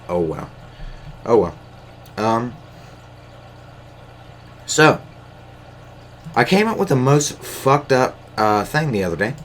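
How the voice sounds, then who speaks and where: A man's voice: sits low, a bit bright, slight background noise. A man talking casually into his camera mic, rambling and hesitant with lots of filler words and swearing. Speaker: solo podcast host.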